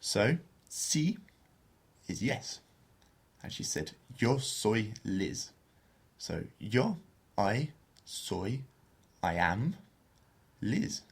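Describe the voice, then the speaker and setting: Low gravelly man teaching Spanish. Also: big pitch swings. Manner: slows down to model pronunciation. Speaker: podcast co-host teaching Spanish. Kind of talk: explaining and modeling phrases for learners.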